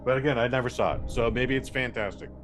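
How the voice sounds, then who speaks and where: A man's voice: mid-range voice, quick pace, over music. Blunt, sarcastic male podcast co-host. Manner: blunt, sarcastic, swears freely. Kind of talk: casual podcast banter.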